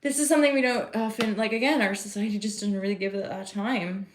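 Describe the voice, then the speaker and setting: A woman's voice: medium pitch, steady tone, fast, a little hiss or hum. A woman giving a casual live tarot reading, rambling and chatty as she talks to her viewers. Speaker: tarot reader and host. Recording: roomy echo.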